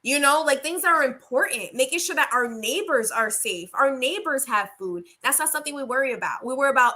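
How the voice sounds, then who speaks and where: A woman in her thirties co-hosts a casual podcast. Her voice is bright, sharp and slightly high, and she speaks bluntly and with exasperation, dropping a casual swear now and then. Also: animated, a little fast, hardly any pauses. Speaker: podcast co-host. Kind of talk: casual opinion chat.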